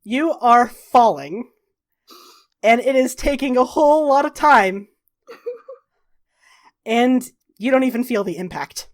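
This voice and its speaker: Woman game master, fairly high voice, casual swearing, slow dramatic narration. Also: lively intonation. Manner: laughs while narrating, drawn-out dramatic pacing.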